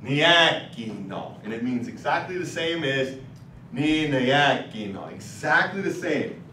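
This man's fairly high voice is expressive, bright and forceful, and he takes his time. As a language instructor, he patiently questions the class while explaining vowels and word patterns. The distant recording of the roomy classroom carries a little hiss or hum.

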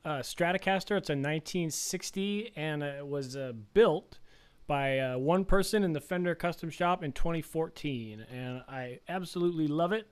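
Guest guitarist, man, higher smooth voice, relaxed and dryly funny. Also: moderate pace. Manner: relaxed, dry humor. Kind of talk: casual chat.

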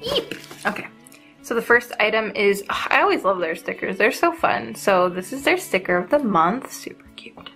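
A young woman hosting her art channel, chatting casually and excitedly as she unboxes art supplies. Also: medium pitch, moderate pace, faint music behind. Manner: bubbly, excitable, giggly.

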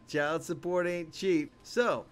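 A man's voice: a little high, fairly even intonation, slow pace, clear, resonant tone. A man voicing an oily, smug male bank clerk in a parody cartoon. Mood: smarmy. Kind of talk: adult cartoon parody voice acting.

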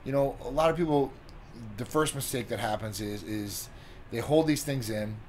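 Calm, measured man giving advice. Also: medium pitch, slight background noise. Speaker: co-host giving relationship advice. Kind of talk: casual advice chat.

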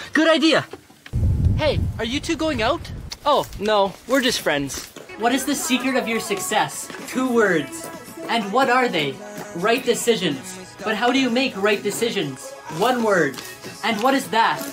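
A woman's text-to-speech voice, fairly high and very lively in pitch, reads quick joke skits and voices every character the same way. Music plays clearly behind her. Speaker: narrator reading joke skits. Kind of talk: text-to-speech storytime narration.

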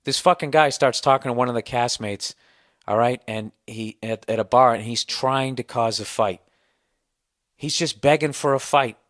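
A man's voice: medium pitch, moderate pace, fairly bright tone, no echo, studio quality. Profane ranting man with a sore throat. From United States. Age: 40s. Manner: profane, rambling storyteller, incredulous. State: sore throat, slightly hoarse. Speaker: podcast host. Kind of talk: casual podcast rant.

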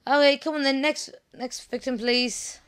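Woman let's player; high, bright, sharp tone; chatty, excitable, apologetic. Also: normal speed. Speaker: let's play gamer. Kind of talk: casual gameplay commentary.

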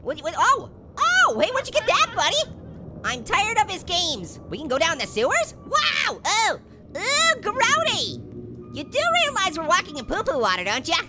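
A man's voice: very high voice, huge pitch swings, normal speed, exaggerated voice. A man voicing a wisecracking male talking orange as a cartoon character, chattering and punning between giggles while commenting on a game. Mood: goofy. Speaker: gaming channel host. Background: loud game music.

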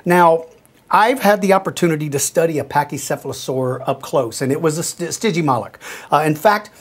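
A man's voice: on the high side, animated, a little fast, slightly rough. A middle-aged man hosting a question-and-answer show, explaining things in a friendly, folksy way straight to young viewers. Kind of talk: casual explanatory talk.

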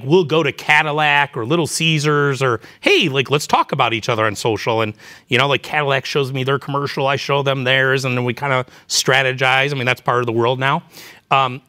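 A man's voice: on the high side, pushed and bright. A man around fifty, an executive guest, telling candid stories in a casual interview with many fillers. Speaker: chief marketing officer, guest.

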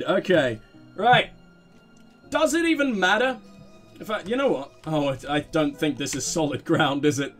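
A man hosting a let's play, giving excitable, self-mocking game commentary full of swearing. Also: on the high side, normal speed, soft background music.

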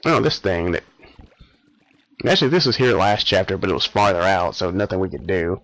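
A man's voice: sits low, fairly quick, a bit bright, dry recording, low-quality recording. A young man casually commenting on a game he is playing, offhand and sarcastic with mumbled asides. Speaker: let's play host.

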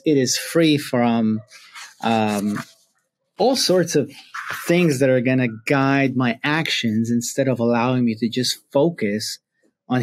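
A man talking to camera in a reflective self-help monologue, earnest and drawing out key words. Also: medium pitch.

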